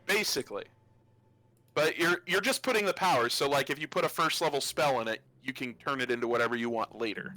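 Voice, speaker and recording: A man's voice: mid-range voice, a little fast, bright, forceful tone, no room sound, low-quality recording. A man running a tabletop game as game master who narrates and explains the rules loosely and laughs often.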